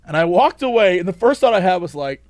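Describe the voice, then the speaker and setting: A man's voice: high-pitched, fast, dry recording, studio quality. A man co-hosting a casual comedy podcast, playful and teasing as he tells his stories. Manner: playful, teasing, animated storyteller. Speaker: podcast co-host.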